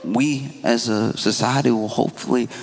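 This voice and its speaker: A man doing a stand-up comedy set with a deadpan, conversational delivery. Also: mid-range voice, normal speed, creaky, a little hiss or hum. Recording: live club with audience and reverb. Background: audience laughter.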